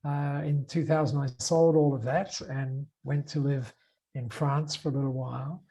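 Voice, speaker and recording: An older Australian man speaks as a guest on a podcast, his voice gravelly with a husky edge and a dark, mellow color. He tells his story in an animated way, stumbling over filler words and restarting his sentences as he acts out the conversations. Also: medium pitch, normal speed, rough recording. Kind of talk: storytelling interview.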